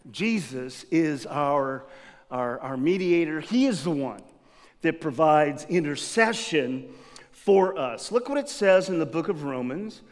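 A man preaching a sermon as pastor, telling a personal story with animated, laughing delivery. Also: fairly high pitch. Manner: lively storyteller who acts out scenes with laughter. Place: church sanctuary. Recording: long reverb of a church hall.

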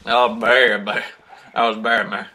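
A man's voice: on the low side, level tone, a little slow, background noise. A young man hosting a gaming video, chatting in a goofy, playful way. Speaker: gaming channel host. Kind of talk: casual gaming chat.

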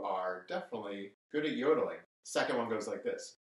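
A man's voice: on the low side, expressive. Cheerful man teaching kids in an echoey room. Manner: cheerful, talks straight to the kids, brisk bursts of explanation. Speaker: music teacher. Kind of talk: upbeat televised classroom lesson for children. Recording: echoey room, mic at a distance.

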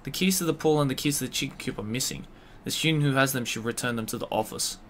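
Bright-voiced man streaming a game. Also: mid-range voice, fast, a little hiss or hum. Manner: swears a lot, talks to himself, yells in frustration. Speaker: streamer playing a horror game. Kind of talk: live gameplay commentary.

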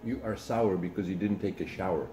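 A man's voice: deep voice, a little fast, noisy background. A man chatting casually and teasing his partner while vlogging in a cafe. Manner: teasing, dry jokes. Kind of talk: casual chat. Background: music.

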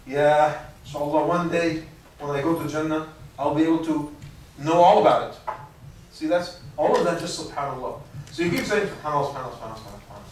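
A man, an imam, giving a conversational religious lecture and answering audience questions, often restarting and repeating words. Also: fairly high pitch. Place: university lecture room. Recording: echoey room from far off, faint noise.

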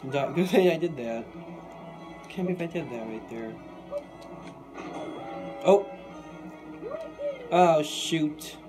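A young man giving live gameplay commentary, excitable and quick to vent frustration at the game. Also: a little high. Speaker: gaming YouTuber. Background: game music.

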